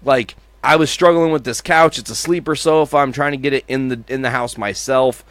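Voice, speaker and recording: A man's voice: medium pitch, fairly quick, no room sound. A man co-hosting a podcast, telling stories in casual chat, swearing freely and imitating sounds. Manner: animated storyteller, swears freely, mimics sounds. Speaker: podcast co-host.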